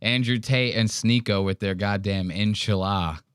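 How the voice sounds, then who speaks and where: A man's voice: fairly low pitch, a little slow, fairly bright tone, clear, resonant tone, dry recording, studio quality. A man hosting a podcast and reacting to clips in casual, profane, joking commentary.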